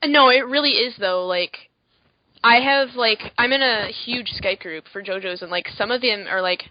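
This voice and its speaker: A woman co-hosting a podcast in casual chat, rambling with lots of fillers and quick asides. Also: on the high side, dry recording, highs cut off. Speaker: podcast co-host.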